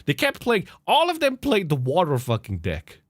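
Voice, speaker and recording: A man co-hosting a podcast, telling a story in a casual, profane, animated way and laughing often. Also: fairly high pitch, moderate pace, no room sound, studio quality. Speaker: podcast co-host.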